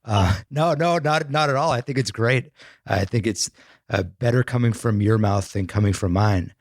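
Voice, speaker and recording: A man's voice: mid-range voice, normal speed, no echo, studio quality. A man hosting a podcast, asking interview questions in an easygoing, reassuring way. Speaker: podcast host.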